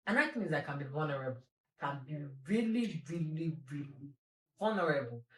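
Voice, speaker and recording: A woman's voice: low voice, expressive, brisk. A young woman hosting a solo podcast, talking candidly and animatedly about herself with self-mocking humor. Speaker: podcast host. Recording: roomy echo.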